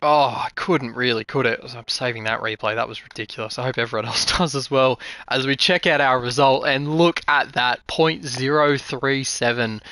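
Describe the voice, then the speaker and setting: A man calling a sim racing league final live, as its host, excitable and climbing toward shouting as the race tightens. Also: mid-range voice, no room sound. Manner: excitable, builds to shouting at the finish.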